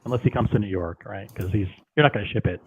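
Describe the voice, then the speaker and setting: A man's voice: lowish voice, fast, husky, no echo. A man chatting casually on a panel, wry and teasing, heard over a tinny, phone-like call line. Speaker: podcast panelist. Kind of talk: casual chat.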